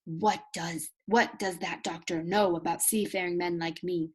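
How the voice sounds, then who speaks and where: Old sea captain, gruff, ailing, urgent, growling, husky voice, a woman reading it aloud. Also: lowish voice, fairly even intonation, measured pace.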